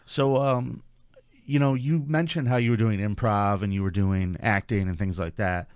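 A man's voice: fairly low pitch, moderate pace, smooth, dry recording. A man hosting a casual interview, joking with his guest and asking follow-up questions. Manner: playful, jokes with the guest, asks follow-up questions. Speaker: interview host.

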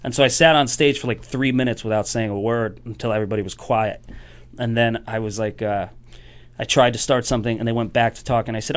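A man's voice: medium pitch, fast. A man telling comedy stories in casual chat, acting out voices and laughing often. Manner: animated storyteller acting out quotes, laughs often. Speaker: stand-up comedian guest.

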